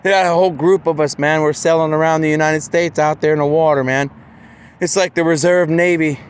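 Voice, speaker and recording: A man's voice: fairly high pitch, steady tone, fairly quick, smooth. A man in a meandering, casual monologue who keeps saying "man" and "you know" and acts out the voices he quotes.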